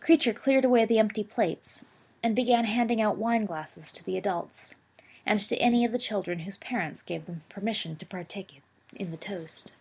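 A woman reading a story aloud as a narrator, in a steady, expressive way. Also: mid-range voice, normal speed, creaky, slightly rough. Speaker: audiobook reader.

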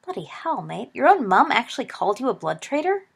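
A woman's voice: a little high, very animated, fairly quick, vocal fry, slightly rough, voice pushed up, full character voice. A woman reading aloud, voicing a smug, teasing teenage wizard boy. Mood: incredulous. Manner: smug, chuckling.

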